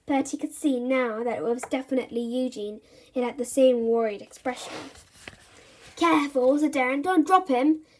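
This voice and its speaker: A woman reading a children's storybook aloud in an expressive, animated narrating voice. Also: on the high side.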